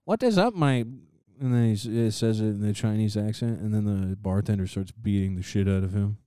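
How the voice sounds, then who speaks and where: A man's voice: fairly low pitch, flat delivery, a little fast, mellow, clean tone, no room sound, studio quality. A young man telling rambling stories in a casual chat with friends, laughing often.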